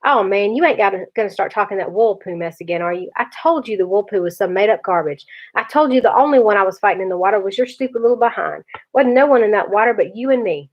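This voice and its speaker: A woman's voice: medium pitch, expressive, fast, lightly acted. A blunt, scolding older teen brother who is protective underneath, as a woman reading aloud puts him on. Her voice sits mid-range, and the recording is dull and lo-fi. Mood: comforting.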